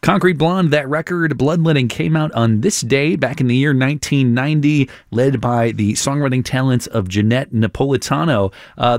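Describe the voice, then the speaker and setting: Male radio DJ, relaxed chatty back-announcing, close dry studio mic. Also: mid-range voice, no room sound. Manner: relaxed, chatty, self-correcting with fillers. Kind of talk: casual radio song talk.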